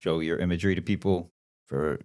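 A man's voice: low-pitched, steady tone, quick pace, darkish tone. A man playing a tabletop game, talking in a wry, dry-humored way. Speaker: player. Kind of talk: casual tabletop play.

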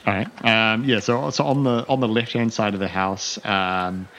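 A man's voice: lowish voice, fairly even intonation, moderate pace, fairly bright tone, slight background noise. A young man running a tabletop game as game master, describing scenes in a rambling way with many fillers.

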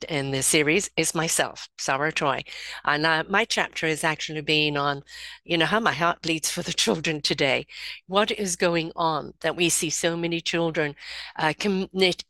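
A woman's voice: low voice, a bit bright, no room sound. An older woman hosting an author panel, speaking in a reflective, heartfelt way. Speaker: host and book contributor. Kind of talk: casual online panel talk.

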